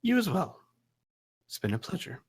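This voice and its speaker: A man voicing a shrewd businesswoman who deals in shady goods, speaking in a cool, measured, bargaining way. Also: on the high side, big pitch swings, breathy edge, voice pushed up, exaggerated voice. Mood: gracious. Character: shrewd middle-aged businesswoman fence, smooth-talking.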